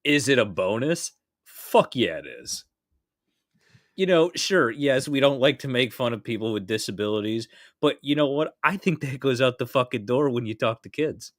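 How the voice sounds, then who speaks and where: A man's voice: medium pitch, animated, normal speed. Profane laughing male podcast host. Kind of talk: casual podcast chat.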